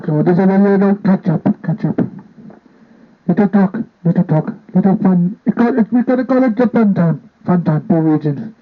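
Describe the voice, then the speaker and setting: Here a high-pitched man speaks at normal speed while filming a casual vlog. He chats in a playful, repetitive, rambling way into a handheld microphone, addressing someone off camera, with tinny phone-like audio.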